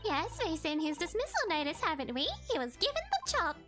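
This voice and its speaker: A woman's voice: extremely high pitch, huge pitch swings, brisk, pitched above the performer's own voice, exaggerated voice. A woman voicing a prim, polite young assistant. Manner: prim, courteous phrasing. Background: background music.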